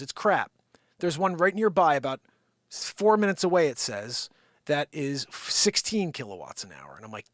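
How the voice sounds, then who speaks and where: A man hosting a live unscripted show, telling a long comic story in an animated, excitable way. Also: fairly high pitch, no echo, clean studio sound. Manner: animated, excitable, swearing-adjacent rants.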